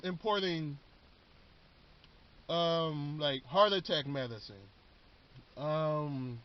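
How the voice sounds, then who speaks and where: A man casually recapping a TV show in a rambling, slangy way, often repeating words. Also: fairly high pitch. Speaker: vlogger. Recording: dull lo-fi recording.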